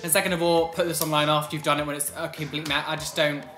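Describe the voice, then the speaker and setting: A woman's voice: low-pitched, level tone, quick pace, a bit bright, faint music behind. Exclaiming woman in an echoey room. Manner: exclaiming, laughing, outraged asides. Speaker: reaction video host. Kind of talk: casual reaction commentary.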